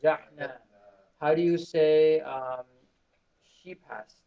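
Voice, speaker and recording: A man's voice: fairly high pitch, fairly even intonation, slow. A man teaching beginners Arabic in a classroom, drilling students with call and response. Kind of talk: classroom lesson. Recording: muffled lo-fi classroom recording.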